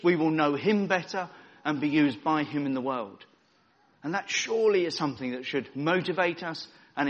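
A man preaching a sermon as a church pastor, earnest with dry self-deprecating humour and frequent stumbling repeats. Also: fairly high pitch.

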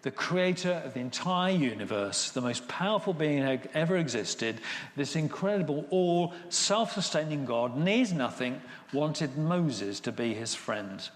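A man's voice: on the high side, expressive, unhurried. Man preaching in an echoey hall. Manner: retells scripture in casual paraphrase, acting out voices. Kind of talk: sermon. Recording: echoey hall with long reverb.

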